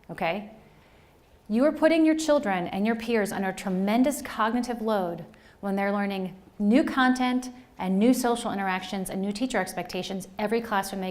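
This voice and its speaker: A woman from New Jersey giving a lively, conversational workshop presentation to educators, often checking in with the audience. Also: medium pitch. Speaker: conference presenter. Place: presentation room.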